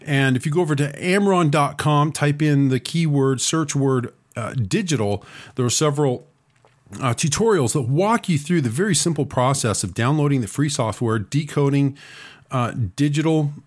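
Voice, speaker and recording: A man's voice: fairly high pitch, normal speed. A man recovering from a cold, talking around a lozenge while he hosts a talk radio news and commentary show. He fills his speech with "uh" and throws in sarcastic asides. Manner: sarcastic asides, frequent "uh" fillers.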